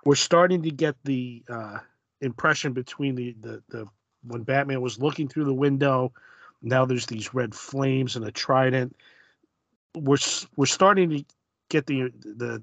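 A man co-hosting a casual podcast, describing comic panels in a thoughtful, halting way with many restarts. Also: medium pitch, creaky, no room sound. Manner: hesitant, restarts often, thoughtful. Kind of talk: casual comic book discussion.

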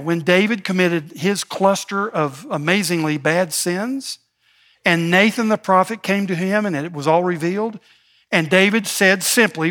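A man preaching a sermon as pastor, building emphasis and slowing to stress key words. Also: high-pitched, a bit bright. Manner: preaching with rising emphasis, slow deliberate stresses.

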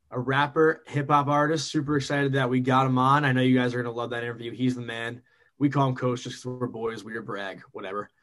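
Man, podcast co-host, quick talker, teasing, jokey banter. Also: mid-range voice. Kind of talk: casual podcast chat.

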